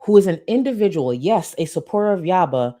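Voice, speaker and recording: A woman's voice: fairly low pitch, lively intonation, a little fast, mellow. A young woman hosting a casual commentary livestream, chatting and reading out supporter messages. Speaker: livestream host.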